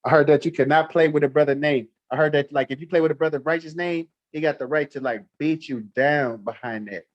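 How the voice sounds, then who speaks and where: Playful male streamer, higher voice, muffled dry home-mic sound. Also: fast, no room sound. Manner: playful teasing, laughs often, talks back to the chat. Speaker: livestream host. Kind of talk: casual livestream chat.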